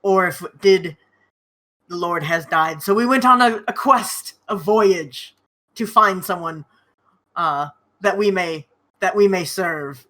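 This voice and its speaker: A woman voicing an eager female alchemist, speaking in a halting, formal way. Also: on the low side, sharp tone. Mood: earnest. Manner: halting, stumbling formal speech.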